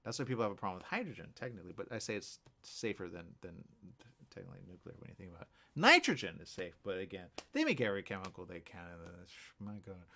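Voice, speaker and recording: A man hosting a radio morning show, talking casually in a rambling, animated way full of restarts and asides. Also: low voice, fast, vocal fry. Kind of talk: casual talk show monologue.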